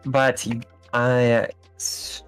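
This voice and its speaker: A man's voice: medium pitch, very slow, clear, resonant tone, soft background music. Easygoing man rambling through his answers. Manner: rambling, relaxed storytelling with fillers and laughs. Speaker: guest. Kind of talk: casual interview chat.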